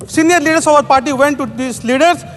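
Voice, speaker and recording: Brief: Indian-accented male legislator, high voice, formal, long chamber echo. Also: fast talker, fairly bright tone, faint music behind. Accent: Indian English. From Odisha, India. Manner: formal, peppers every phrase with "sir". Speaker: member of parliament. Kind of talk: parliamentary speech. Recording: long reverb of a large chamber.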